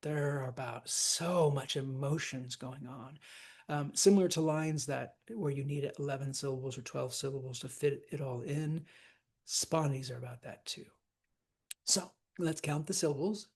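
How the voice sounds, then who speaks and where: A woman's voice: a bass voice, normal speed, darkish tone, slightly rough. A woman teaching a lecture on verse scansion, chatty with many fillers, tapping out stresses aloud as she goes.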